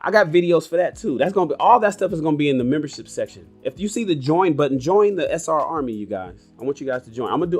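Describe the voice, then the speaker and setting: A man in his forties hosting a casual livestream podcast, telling stories in a blunt, animated and profane way. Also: medium pitch. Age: 40s. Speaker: podcast host.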